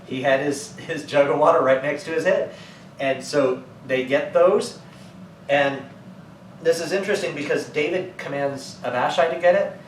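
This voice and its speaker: A man's voice: mid-range voice, reverberant, recorded from a distance, slight background noise, poor audio. A man preaching as pastor, teaching scripture and retelling it in casual everyday words. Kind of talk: sermon teaching. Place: church.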